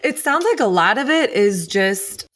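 A woman's voice: mid-range voice, very animated, measured pace, a bit bright. A woman hosting an interview, talking candidly and chattily and laughing easily. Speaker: podcast host. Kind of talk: casual interview chat.

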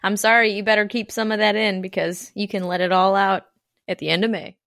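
A woman's voice: mid-range voice, level tone, brisk, fairly bright tone, dry recording, clean studio sound. A woman co-hosting a podcast in casual chat, often laughing and answering with brief agreement. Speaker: podcast co-host.

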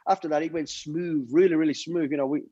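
A man's voice: on the high side, steady tone, fast, mellow, no echo. A middle-aged man, a former soldier and bodyguard, telling rambling stories in casual chat, with plenty of restarts and acted-out quotes. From United Kingdom. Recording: dull, dry sound.

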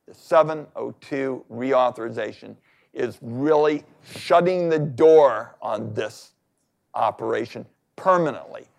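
A man's voice: mid-range voice, slow, gravelly. A man speaking as a senator on a public panel, talking in an emphatic, insistent way. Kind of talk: panel discussion.

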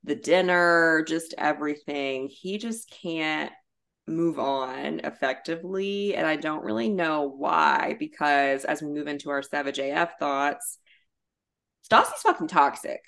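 A woman with a notably deep voice talks as a podcast co-host. She recaps reality TV casually and bluntly, full of "like" and easy swearing. Her delivery is loose and conversational. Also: measured pace, creaky, a bit bright. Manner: chatty and blunt, with frequent "like" and swearing.

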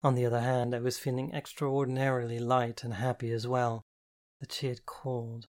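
A woman's voice: very deep voice, flat delivery, normal speed, a little mellow. Wry woman reading a novel aloud. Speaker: audiobook narrator. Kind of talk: first-person novel narration.

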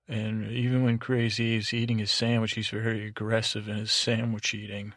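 A man's voice: lowish voice, flat delivery, normal speed, fairly bright tone, dry recording, clean studio sound. A man hosting a sleep podcast, recapping an episode in a meandering, digressive way with many fillers and restarts. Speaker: podcast host.

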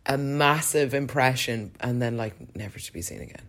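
A woman's voice: extremely low pitch, normal speed. A woman co-hosting a casual chat, chiming in with short quips and laughter.

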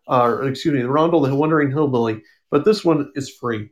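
A man's voice: mid-range voice, normal speed. A man casually recapping and reviewing comic books, rambling with ums and self-corrections.

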